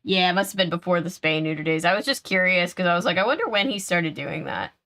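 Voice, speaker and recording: A woman's voice: fairly low pitch, fast, fairly bright tone. A woman hosting a live game stream, chatting casually, laughing often and answering her chat aloud.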